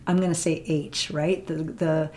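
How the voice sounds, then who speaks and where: Slow, low-pitched woman teaching pronunciation. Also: little pitch movement, darkish tone, slight background noise. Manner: demonstrates sounds slowly, checks with "right?". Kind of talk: explanatory lesson with demonstrations.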